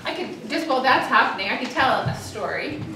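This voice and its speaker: A woman's voice: fairly high pitch, expressive, a little fast, over music. Woman speaking in an echoey hall. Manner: storytelling, acts out cries for help; hesitant, many fillers. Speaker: social worker giving a talk. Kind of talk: public talk with slides. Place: church hall. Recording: echoey hall, distant mic.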